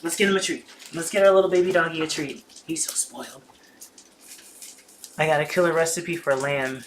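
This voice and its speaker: A young adult livestream host who chats casually and excitably while cooking in a home kitchen. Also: mid-range voice, brisk, a little hiss or hum. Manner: excitable, chatty, slangy.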